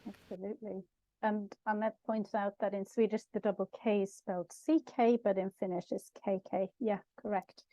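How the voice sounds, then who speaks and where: A woman's voice: medium pitch, level tone, normal speed, dark tone, muffled recording. A woman teaching a language class online, explaining sounds patiently and chatting with viewers.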